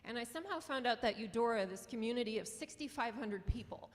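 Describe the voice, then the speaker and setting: A woman's voice: fairly high pitch, lively intonation, fast. Impassioned North Dakota woman in a hall. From Western North Dakota. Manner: earnest and impassioned, with small laughs. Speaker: journalism professor and newspaper publisher. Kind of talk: conference talk. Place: lecture hall.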